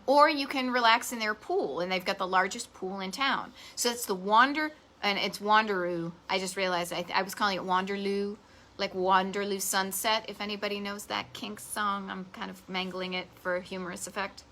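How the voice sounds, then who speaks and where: Broadcasting from a garage office at home, a Boston-accented woman runs a casual live stream about vintage travel spots. Her mid-range voice is pushed and bright, moving fairly quickly with few pauses, and her enthusiastic chatter includes self-deprecating asides.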